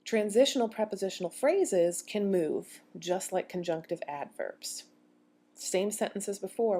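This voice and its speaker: A woman's voice: mid-range voice, expressive, moderate pace, dark tone. A woman giving a recorded grammar lecture as a university instructor, explaining step by step and posing questions to her students.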